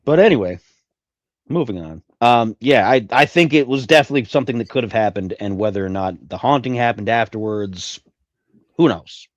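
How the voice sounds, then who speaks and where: A man talking on a podcast in a dry, deadpan and sarcastic way. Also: mid-range voice, fairly quick, no echo, highs cut off. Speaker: podcast co-host. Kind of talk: casual chat.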